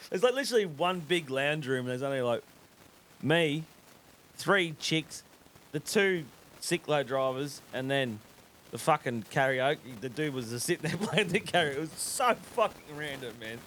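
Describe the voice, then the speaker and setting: A man's voice: a little high, normal speed, a little hiss or hum. A man with an Australian accent hosting a podcast, telling a rambling, swear-heavy story in casual chat. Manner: swears constantly, animated, drops into quoted voices. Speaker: podcast host.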